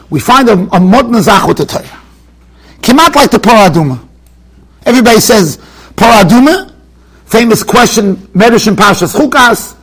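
High-voiced emphatic rabbi lecturing. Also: male voice, a bit bright, slightly rough, rough recording. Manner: emphatic storytelling, mixing Yiddish and Hebrew terms. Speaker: rabbi giving a Torah class. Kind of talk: yeshiva Torah lecture. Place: study hall in a yeshiva.

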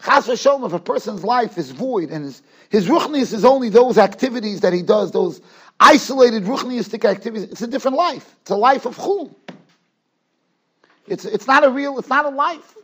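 A man's voice: extremely high pitch, animated, moderate pace, husky. A man giving a rabbi's Torah lecture, emphatic, repeating phrases and mixing Hebrew and Yiddish terms into English. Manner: emphatic, rises to near-shouts on key points; repeats phrases while building a point. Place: yeshiva study hall.

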